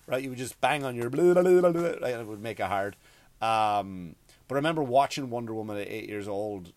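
A man's voice: medium pitch, lively intonation, moderate pace, darkish tone, dry recording. A middle-aged man from Ireland with an Irish accent, hosting a comedic rant podcast in a crude, rambling, profane way. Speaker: podcast host.

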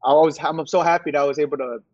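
A man's voice: a little high, fairly even intonation, fast talker, a little mellow, no echo. Laid-back young man, muffled lo-fi audio. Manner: laid-back, laughs often, many fillers. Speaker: basketball player guest. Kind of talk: casual interview chat.

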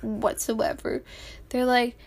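A teenage girl talks through her vlog slowly and casually, drifting between topics and apologizing. Her voice sits fairly high, and she sounds a little strained from a sore throat. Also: flat delivery, gravelly, very noisy. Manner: rambling, chatty, giggly, apologetic asides. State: throat sore, tongue feels swollen. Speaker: vlogger. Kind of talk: casual chat.

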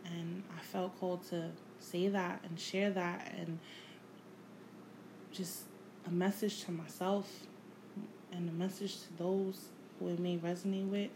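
A woman hosting her own podcast, talking without a script in a reflective, halting way, repeating phrases and swearing casually. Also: on the low side, level tone, background noise. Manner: emotional, candid, casual swearing. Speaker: podcast host. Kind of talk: unscripted personal monologue.

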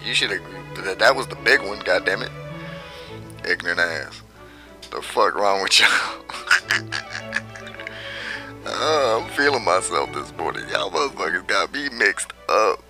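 A man's voice: fairly low pitch, sharp tone. A man vlogging a brash, profane rant and laughing often at his own jabs.

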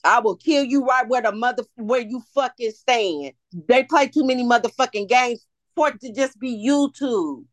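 Woman guest, raised pitch, heated profane ranting, dry close sound. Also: normal speed, no room sound. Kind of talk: casual chat.

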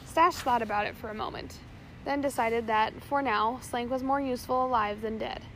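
A woman's voice: fairly high pitch, fairly even intonation, normal speed, a bit bright, slight background noise, poor audio. A woman narrating a chapter of a storybook aloud, reading steadily with small slips. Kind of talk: audiobook reading.

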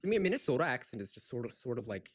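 A young adult voice actor chatting playfully between accent takes, a little nervous and quick to laugh. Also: mid-range voice, sing-song, breathy edge. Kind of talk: casual recording session chat.

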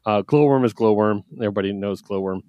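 A man co-hosting a casual podcast, talking about comics with excitement and frequent laughs. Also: lowish voice, fast talker, no echo, highs cut off. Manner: excited, laughs often, acts out quotes. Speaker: podcast co-host reviewing comics. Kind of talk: casual chat.

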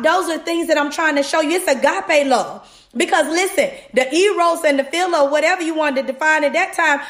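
With a high voice and roomy sound, a podcast host gives her devotional as an animated, casual motivational sermon. She speaks directly to her audience, calling them "y'all."

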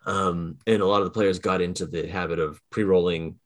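Male podcast co-host, very low voice, rambling wry chat. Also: steady tone, a little fast. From Boston area. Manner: rambling, self-correcting, wry. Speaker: podcast co-host and game master. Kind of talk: casual chat.

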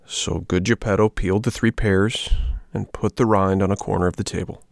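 A man with a low, gravelly voice narrating a storybook. His delivery is measured and even. The recording is dry and close, with no room sound. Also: dry recording. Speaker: audiobook narrator.

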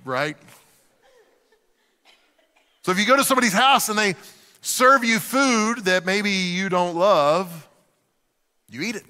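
A middle-aged man preaching a sermon to a church, telling humorous, animated stories with acted-out asides. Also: sits high, measured pace, long pauses, long reverb tail. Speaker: pastor.

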